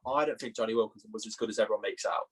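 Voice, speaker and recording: A young English man co-hosting a podcast in casual, teasing banter, quick to laugh at his own jokes. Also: fairly low pitch, a bit bright, slightly rough. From England. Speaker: podcast co-host.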